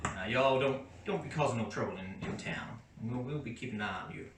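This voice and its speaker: A man's voice: mid-range voice, a little fast, natural voice. A man voicing a burly, wary male gate guard who talks in a bossy backwoods drawl. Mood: gruff. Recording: roomy far-off mic with background noise.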